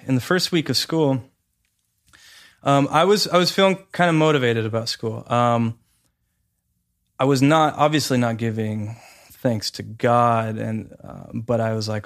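A man giving a personal testimony, talking hesitantly with many fillers and restarts but growing lively when he quotes people. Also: mid-range voice, moderate pace.

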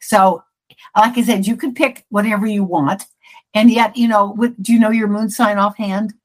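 A woman's voice: medium pitch, fairly even intonation, moderate pace, low-quality recording. Brief: middle-aged woman, psychic guest, chatty and self-interrupting. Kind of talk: casual interview chat.

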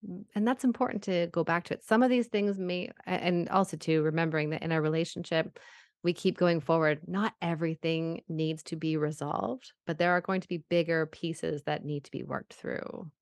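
A middle-aged woman therapist calmly explaining relationship advice in a podcast interview. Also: fairly low pitch, normal speed, no echo, clean studio sound. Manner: calm explanatory, acts out example phrases. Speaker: guest therapist.

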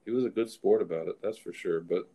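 Low-voiced man telling rambling stories. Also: fast, warm tone, breathy edge. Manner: rambling anecdotes, frequent restarts. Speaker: show host and horse trainer. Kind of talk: casual storytelling chat.

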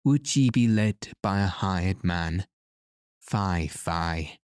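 A man's voice: sits low, slow, darkish tone, clear, resonant tone, dry recording, clean studio sound. A man reading as a blustering greedy townsman. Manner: blustering, boastful. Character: greedy, foolish older townsman.

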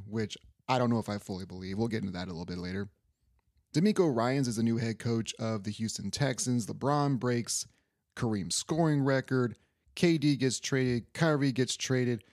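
A man's voice: medium pitch, a little mellow, no room sound. Young man, sports podcast host, loose rambling talk, casual swearing, dry close sound.

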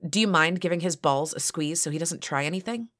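A woman voicing a bossy young sorority sister who gives orders briskly, in an audio story. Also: low voice, fairly bright tone. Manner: brisk, commanding.

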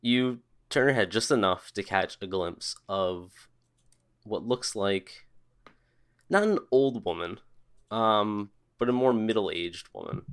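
A man narrating a tabletop game as game master, relaxed and descriptive with some fillers. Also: on the low side, slow pace, clear, resonant tone.

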